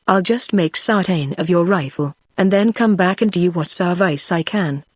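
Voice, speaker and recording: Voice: medium pitch, moderate pace, no echo, clean studio sound, lightly acted. A text-to-speech voice reading the lines of a young male frontier hunter who speaks in an earnest, rustic backwoods dialect. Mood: reassuring. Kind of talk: synthetic audiobook reading.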